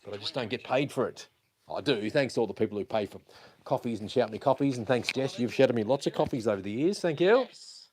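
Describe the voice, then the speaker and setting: A man's voice: mid-range voice, animated, quick pace, a little mellow. A man, chatting casually and swearing as he tinkers with gear on a wireless mic while walking through his house. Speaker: livestream host. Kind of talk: casual rambling livestream talk. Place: walking around a house, down a hallway.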